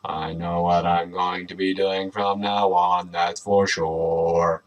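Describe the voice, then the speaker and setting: A man reading aloud, voicing a big, easygoing male dinosaur in a low, drawn-out voice. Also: little pitch movement, muffled recording.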